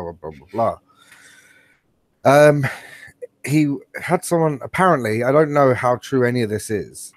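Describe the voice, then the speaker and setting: In a casual podcast chat recorded over an online call from home, a co-host with a medium-pitched, slightly mellow voice keeps joking and laughing. His stories ramble, and the sound has no echo.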